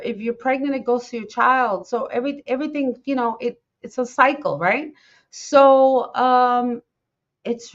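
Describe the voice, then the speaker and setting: Middle-aged lady ranting on her podcast, kinda high voice, repeats herself a lot, dull lo-fi audio. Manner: impassioned, rambling, repeats herself. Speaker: podcast host. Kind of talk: casual talk. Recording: dull lo-fi sound.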